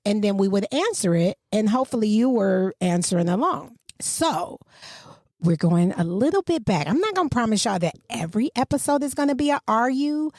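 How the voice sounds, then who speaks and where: A woman, co-hosting a podcast in casual chat and telling stories with swooping pitch. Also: dry recording, clean studio sound. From Michigan. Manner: animated storyteller, swooping pitch. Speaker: podcast co-host.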